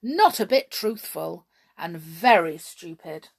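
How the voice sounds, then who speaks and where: A woman voicing a boastful, excitable male goblin in a storybook reading, with loud shrill outbursts. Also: takes it slowly, creaky, breathy edge, heavily acted. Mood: gushing.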